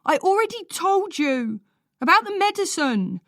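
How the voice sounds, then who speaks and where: Brief: woman putting on a defiant, tearful boy, high and loud, dry close sound. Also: big pitch swings, measured pace, no room sound, heavily acted. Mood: wailing. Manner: shouting, wailing. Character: angry tearful boy, defiant older brother. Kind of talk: audiobook character voice.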